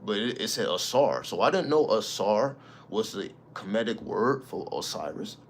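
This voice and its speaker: A man hosts his own channel, delivering a casual spiritual monologue in an emphatic, preachy way and swearing freely. His voice is lowish and expressive at a moderate pace, with a little hiss or hum in the background.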